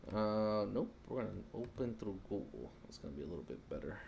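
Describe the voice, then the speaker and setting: A man's voice: low-pitched, sing-song, fast talker, vocal fry, noisy background. A man giving a casual live-stream lesson on credit, chatting loosely and talking while he fumbles with his screen.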